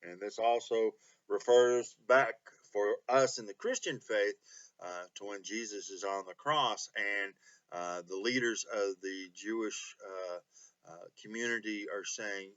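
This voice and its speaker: A pastor leading a Bible study, speaking earnestly with many pauses and reading scripture with feeling. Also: male voice, fairly low pitch, a bit bright, highs cut off. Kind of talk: online Bible study teaching.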